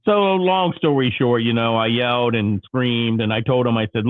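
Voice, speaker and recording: A man cohosting a casual morning show, telling a story with lively, animated delivery. His voice comes through thin and tinny, like a phone line. The sound is dry, with no room echo. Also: medium pitch, moderate pace, hardly any pauses. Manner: animated storytelling, acting out his own anger. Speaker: show host.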